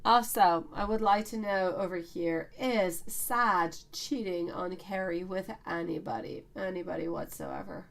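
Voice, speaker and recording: A woman's voice: fairly low pitch, steady tone, measured pace, hardly any pauses. A woman reading tarot on a live stream, greeting chat viewers by name and calling them sweetie and beautiful. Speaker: tarot reader.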